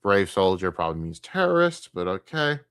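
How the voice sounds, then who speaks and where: A man's voice: sits low, very animated, a little fast, a bit bright, smooth, dry recording. A man streaming a reaction, ranting bluntly and scornfully with heavy swearing. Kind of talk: profane reaction rant.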